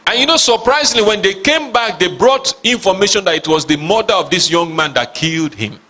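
A man's voice: sits high, animated, brisk, pushed and bright. A man preaching a sermon as pastor, reading scripture aloud with emphasis and asking his listeners questions. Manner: reads scripture aloud dramatically.

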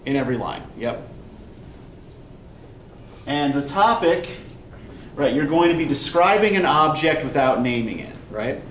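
A man with a fairly high, slightly bright voice and lively intonation lectures a little slowly, pausing often. He's a college English instructor, patient and explanatory, frequently checking in with "right?", recorded from a distance in an echoey classroom with faint background noise.

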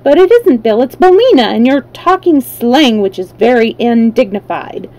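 A woman's voice: fairly high pitch, animated, normal speed, mellow, low-quality recording. A woman voicing a kind, well-mannered little girl who scolds her friend primly. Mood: reproving. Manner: prim, reproving.

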